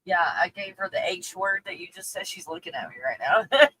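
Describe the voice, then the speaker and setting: Bright-voiced, profane woman livestreamer. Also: fairly low pitch, animated, fairly quick, slight background noise, low-quality recording. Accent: faint Texas. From Texas. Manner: profane and candid, laughs often. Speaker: livestream host reading viewer comments. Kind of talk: casual livestream chat.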